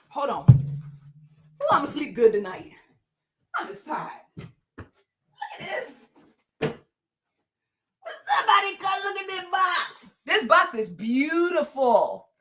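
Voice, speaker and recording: Woman doing her livestream, playful chatty, high bright voice. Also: slow, pauses often. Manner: animated, playful, chatty with viewers. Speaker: livestream host. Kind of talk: casual livestream chat.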